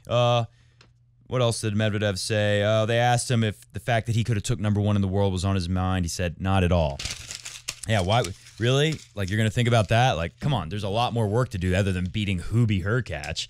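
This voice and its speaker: Clean studio audio without echo carries this man's fairly low, brisk voice. He's a tennis coach and podcast host giving loose, chatty tennis commentary that drifts off on tangents.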